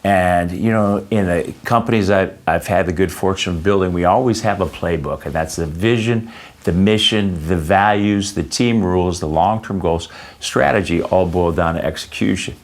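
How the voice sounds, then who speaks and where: A man with a very low voice answers an interviewer at length. He speaks haltingly, full of fillers and restarts, and often drifts into personal anecdotes. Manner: anecdotal storyteller. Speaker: interview guest.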